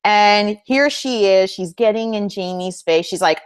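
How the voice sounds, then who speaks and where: A woman co-hosting a casual TV discussion, opinionated and animated, often acting out quotes from the characters. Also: mid-range voice, normal speed. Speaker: podcast co-host. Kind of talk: casual chat.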